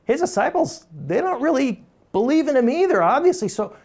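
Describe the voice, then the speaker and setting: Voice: high-pitched, big pitch swings, fairly quick, a little mellow. A pastor preaching a sermon in a conversational, emphatic way, often breaking into small chuckles.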